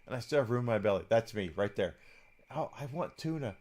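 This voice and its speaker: A man's voice: mid-range voice, animated, fairly quick, darkish tone, natural voice. A man voicing a small, playful female creature in a fantasy game, whiny and eager like a child. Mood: greedy, pleading.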